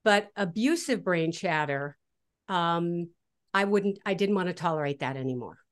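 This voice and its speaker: A woman guest in a casual interview, explaining her ideas with animated, lively delivery and acting out inner voices. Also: lowish voice, normal speed. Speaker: guest author.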